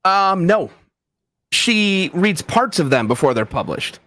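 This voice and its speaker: A man's voice: high voice, takes it slowly. A man, an author and guest, telling stories in casual interview chat and acting out the voices of people he quotes. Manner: animated storyteller, acts out quoted voices. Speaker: author and book site founder, guest.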